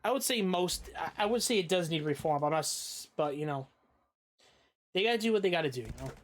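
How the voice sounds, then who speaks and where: A man's voice: on the high side, expressive, quick pace. A man hosting a live stream, chatting casually and rambling with fillers and swearing. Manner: laid-back, rambling, profane. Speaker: streamer host.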